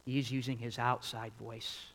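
Speaking at normal speed in a mid-range voice, a pastor delivers an animated sermon that swings from quiet passages to loud ones. He questions the congregation and repeats his key points to drive them home. The recording is low quality.

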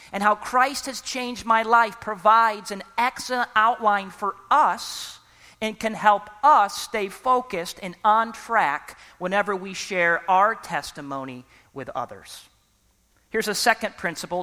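A preacher giving an emphatic sermon who often pauses for the congregation to fill in a word and keeps urging people to listen. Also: mid-range voice, sharp tone, long reverb tail. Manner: repeatedly urges listeners to listen.

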